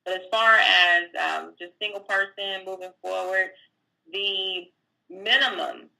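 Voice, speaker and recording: A woman's voice: medium pitch, measured pace, gravelly, bright, forceful tone, rough recording. A woman tax professional, a guest, explaining filing rules step by step in a plainspoken, casual way, with fillers. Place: California.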